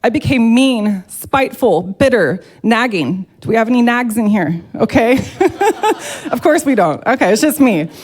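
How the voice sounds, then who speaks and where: A woman's voice: a little high, lively intonation, normal speed, hardly any pauses, darkish tone. A woman giving a heartfelt, emotional personal testimony to a church congregation, speaking openly and earnestly.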